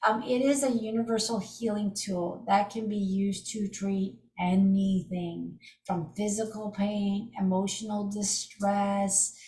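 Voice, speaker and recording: This middle-aged woman has a mid-range voice and talks slowly, with hardly any pauses. She picks up off the mic in a reverberant room as she enthusiastically explains an energy healing technique, storytelling casually and tossing in lively asides.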